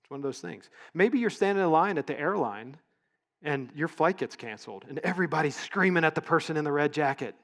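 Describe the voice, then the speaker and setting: A middle-aged man gives a storytelling keynote at a leadership event, his voice sitting a little high for a man. He talks in a loose, conversational way and now and then stops to correct a word before carrying on. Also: expressive, brisk, a bit bright. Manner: conversational, story-driven, with small self-corrections. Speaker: leadership conference speaker. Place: event stage.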